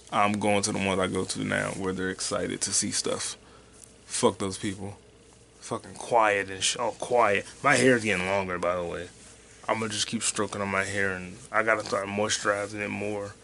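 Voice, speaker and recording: A man hosting a solo podcast, rambling loosely and profanely, with sudden loud excited bursts. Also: fairly low pitch, moderate pace, gravelly, a little hiss or hum. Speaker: podcast host and stand-up comic.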